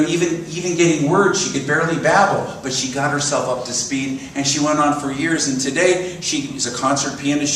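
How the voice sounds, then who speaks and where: A man's voice: a little high, a little hiss or hum. Older man preaching in an echoey church. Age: 60s. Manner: storytelling, animated, asks congregation questions. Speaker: minister. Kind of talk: sermon. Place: church sanctuary. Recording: roomy echo from a distant mic.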